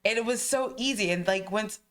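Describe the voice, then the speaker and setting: A woman hosting a casual podcast, chatting expressively and laughing along with her guest. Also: mid-range voice. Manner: expressive, laughs along, quick back-channels. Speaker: podcast host.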